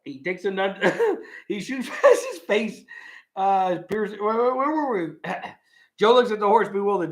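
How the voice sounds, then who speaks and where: A man hosting a casual live stream reads a script aloud, stage directions and all. His voice rises and falls in a lively, animated way, and he keeps breaking into chuckles as he goes. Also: high-pitched, a little slow.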